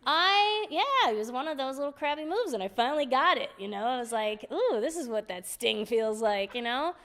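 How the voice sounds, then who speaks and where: A woman guest on an interview show, telling stories in a lively, laughing way, often restarting her sentences. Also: high voice, moderate pace. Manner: animated, laughing storyteller with frequent restarts. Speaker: guest vocalist. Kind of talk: casual interview storytelling.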